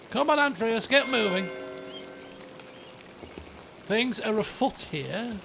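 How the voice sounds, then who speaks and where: Speaking in an extremely high, animated voice with vocal fry, this British let's play host takes it slowly and leaves long pauses. He chats and rambles over game music, turning dramatic when he reads the game's lines aloud.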